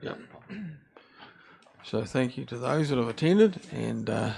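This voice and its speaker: A man from New Zealand, the mayor, chairing a council meeting and briskly calling votes. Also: medium pitch, animated, gravelly, mellow, husky. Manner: brisk procedural, calls votes. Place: council chamber.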